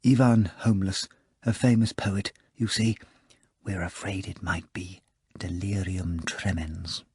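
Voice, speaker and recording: A man voicing a timid, nervous young poet who speaks in a hushed, uneasy way. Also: low-pitched, brisk, husky, no room sound, voice pushed down.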